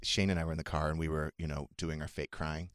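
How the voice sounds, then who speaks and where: A middle-aged man hosting a casual podcast chat, telling stories with lively put-on quotes. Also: extremely low pitch, fast talker, no room sound, clean studio sound. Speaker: podcast host.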